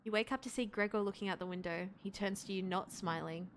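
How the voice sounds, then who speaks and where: A woman's voice: medium pitch, quick pace, a little hiss or hum. A woman streaming a video game, reading its text aloud and reacting, swearing often and squealing when something scares her.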